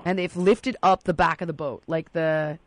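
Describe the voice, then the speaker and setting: A woman's voice: deep voice, normal speed. A woman telling a story in casual podcast talk, acting out the quotes with lots of energy. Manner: animated, acts out quotes.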